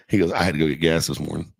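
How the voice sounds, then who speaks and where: A man's voice: rumbling low, gravelly, heavy background noise. A middle-aged man casually telling a profane, laughing story from his youth as a podcast guest.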